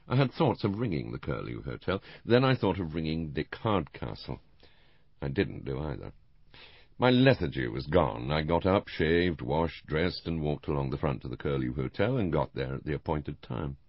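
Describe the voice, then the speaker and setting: Deep male narrator, measured first-person storytelling, lively delivery, muffled sound. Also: vocal fry, breathy edge, no room sound. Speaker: audiobook narrator. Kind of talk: audiobook narration.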